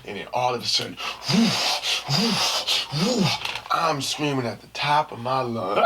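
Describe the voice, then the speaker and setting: Gravelly, animated man telling a story. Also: medium pitch, takes it slowly, heavy background noise. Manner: animated, slangy, acts out quotes and screams. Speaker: podcast host. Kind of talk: casual storytelling monologue.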